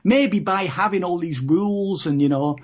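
A woman talks in a husky, slightly breathy voice, chatting loosely and rambling with lots of "you know"s. Her recording is dull and lo-fi. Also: fairly low pitch, moderate pace, darkish tone. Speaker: podcast co-host. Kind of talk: casual chat about reality TV. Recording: dull lo-fi podcast audio.

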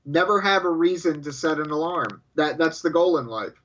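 A man's voice: fairly high pitch, expressive, normal speed, a bit bright, highs cut off. A man co-hosting a podcast in casual banter, stammering and repeating words as he spins jokey tall tales. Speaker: podcast co-host. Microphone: headphones and studio mic.

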